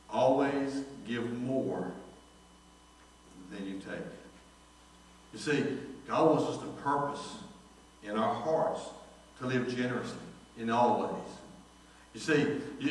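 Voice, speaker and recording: A man, preaching a sermon as pastor and telling a story in which he acts out the dialogue. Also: mid-range voice. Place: church sanctuary. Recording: echoey church hall from far off.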